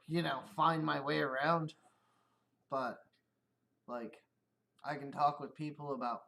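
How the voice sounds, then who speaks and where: A man's voice: fairly high pitch, gravelly, fairly bright tone. Profane, rambling middle-aged man. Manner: profane, rambling, laughs often. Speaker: streamer. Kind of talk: casual livestream rant.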